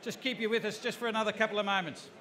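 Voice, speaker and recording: A man's voice: high-pitched, fairly even intonation, very fast, pushed and bright. A man hosting an event, polite and hesitant with many fillers. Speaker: event host.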